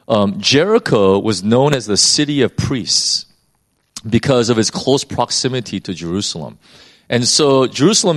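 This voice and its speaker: A man preaching in a conversational Bible-teaching style, often repeating words as he thinks. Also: mid-range voice.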